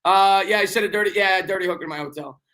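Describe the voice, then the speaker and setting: A man's voice: high voice, sharp tone. A young man with a New York accent hosting a sports live stream, reading viewer comments in a rambling, joking, repetitive way. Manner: fast, rambling, repeats himself, joking banter.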